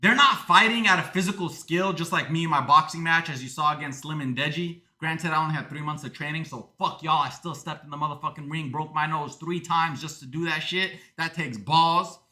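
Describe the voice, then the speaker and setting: A man's voice: on the high side, a little fast, few pauses, pushed and bright. A man livestreaming in casual talk, swearing often and ranting, moving between jokes and earnest thanks to supporters.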